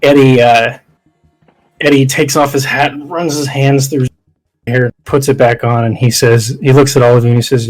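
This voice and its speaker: A man's voice: medium pitch, steady tone, normal speed, faint music behind, rough recording. A man narrating as game master, rambling with lots of fillers.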